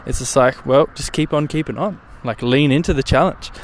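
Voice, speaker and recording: A young man hosts his own podcast, chatting casually and rambling, with the occasional swear word. His voice sits at medium pitch and moves briskly. A little hiss or hum can be heard in the recording.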